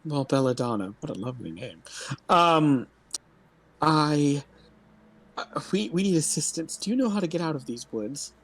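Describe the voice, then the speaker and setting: Chatty man, a bit high-pitched. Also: expressive, normal speed, long pauses. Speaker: player. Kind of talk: tabletop game chat.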